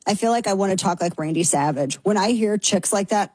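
A woman's voice: medium pitch, darkish tone, breathy edge, no room sound. Brash, sarcastic talk show woman. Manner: brash, sarcastic, fast-shifting. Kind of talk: opinionated talk radio monologue.

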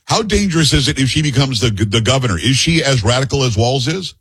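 Male radio host, rasping and quick, dry close mic, pointed interviewer. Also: medium pitch, expressive, a bit bright, no room sound, rough recording. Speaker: talk show host.

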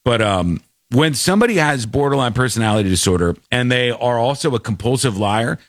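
A man's voice: mid-range voice, a little fast, no echo, clean studio sound. A man hosting a casual talk show, telling stories animatedly and acting out the people he quotes. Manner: animated storyteller, acts out quotes. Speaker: podcast host. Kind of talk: casual chat.

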